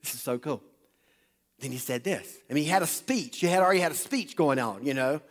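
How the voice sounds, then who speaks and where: A man preaching a sermon, retelling a Bible story with animated energy and calling on the congregation to listen up. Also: a little high, a little fast. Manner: animated, talks directly to the congregation. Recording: long hall reverb.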